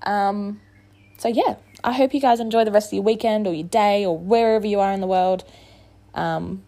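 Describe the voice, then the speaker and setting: A woman's voice: medium pitch, steady tone, normal speed, warm tone. A woman hosting her own solo podcast, frank and motivational, swearing freely while hungover. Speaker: podcast host. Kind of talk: casual solo podcast monologue.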